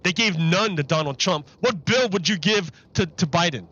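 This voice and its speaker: A man's voice: high-pitched, animated, moderate pace, sharp tone, muffled recording. A man live-streaming commentary on a political interview, exasperated and repeating his questions over the clip.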